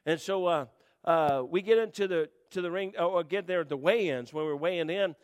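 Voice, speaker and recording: A man preaching to a congregation, telling a rambling, animated story with restarts. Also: high voice, fairly quick, smooth. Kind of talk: storytelling sermon.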